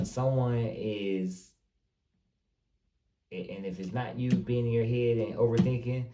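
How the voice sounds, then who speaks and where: A man giving a casual tarot reading, speaking loosely and straight to his viewers, often repeating himself. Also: lowish voice. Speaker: tarot reader. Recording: roomy, distant mic with faint noise.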